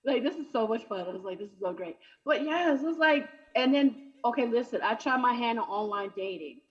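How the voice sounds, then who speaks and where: A woman's voice: fairly high pitch, lively intonation, fairly quick, lo-fi sound. A woman doing a brash, chatty stand-up comedy set over a video call. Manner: brash, chatty, punchy delivery.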